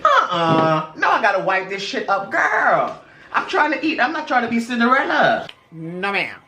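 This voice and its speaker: A woman's voice: mid-range voice, wildly swooping pitch, normal speed, bright, forceful tone, echoey room, slight background noise. A woman co-hosting a mukbang vlog in casual chat, sassy and teasing, with a sing-song drawl. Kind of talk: casual chat while eating.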